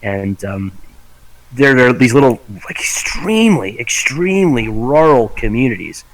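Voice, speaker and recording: A man's voice: mid-range voice, sing-song, a little slow, rough recording. A man co-hosting a podcast in casual chat, rambling and cursing, often laughing into his words. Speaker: podcast co-host.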